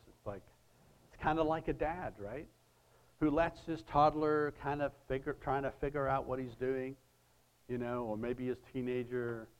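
A man's voice: medium pitch, rough recording. Man preaching a reflective sermon. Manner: reflective, reads scripture aloud with pauses; conversational asides to listeners. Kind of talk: sermon on scripture.

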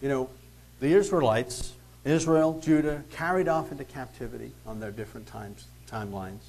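A man's voice: medium pitch, normal speed, vocal fry, darkish tone, rough recording. Man teaching the Bible conversationally. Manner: reads scripture, then comments conversationally; rhetorical questions, emphatic.

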